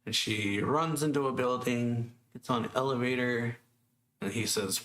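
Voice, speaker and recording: A man's voice: medium pitch, normal speed, slight background noise. A man hosting a manga reaction channel, casually retelling a chapter with lots of fillers and little laughs. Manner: rambling, filler-heavy retelling with soft laughs.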